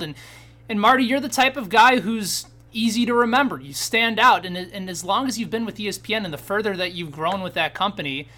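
A man's voice: high-pitched, pushed and bright. A man hosting an interview, asking long, earnest, winding questions. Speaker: host. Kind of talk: interview host.

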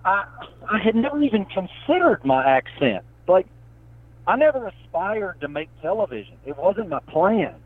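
Animated Appalachian man on a tinny line. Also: high-pitched, moderate pace, no room sound. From southwest Virginia, Appalachia. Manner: animated storytelling, says man and brother. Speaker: guest, sports reporter. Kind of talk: casual interview. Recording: tinny phone-line sound.

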